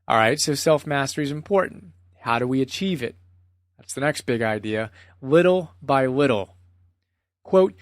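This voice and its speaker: A man's voice: mid-range voice, lively intonation, moderate pace, no echo, studio quality. A man presenting a spoken book summary in an earnest, conversational way, often reading out quotes.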